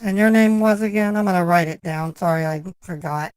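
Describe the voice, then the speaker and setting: A man's voice: high voice, a little fast, natural voice. A man putting on the voice of a fussy, prim woman in her thirties for a prank phone call, chatty and nitpicking with mock flirting. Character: fussy, prim 36-year-old woman customer. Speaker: scambaiter.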